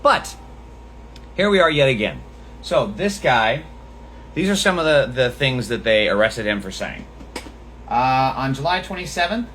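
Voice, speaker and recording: A man's voice: medium pitch, big pitch swings, measured pace, pauses often, a bit bright, a little hiss or hum. A man hosting a political podcast livestream, talking in a profane, sarcastic, mocking way. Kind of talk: livestream commentary.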